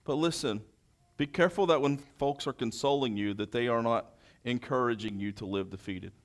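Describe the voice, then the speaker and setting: A man delivers a sermon, reading scripture one verse at a time and then explaining it, swinging between loud proclamation and hushed quiet. His pitch is medium and his speed normal.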